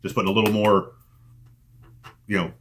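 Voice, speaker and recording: A man's voice: fairly low pitch, flat delivery, normal speed, fairly bright tone, a little hiss or hum. A man giving a motivational coaching talk on an online team call, emphatic and repeating his key lines for effect.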